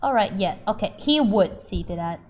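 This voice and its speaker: A woman's voice: medium pitch, expressive, normal speed, soft background music. Playful woman streamer giggling through a game. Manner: playful, giggly, swearing, reads game lines aloud. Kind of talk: casual game playthrough commentary.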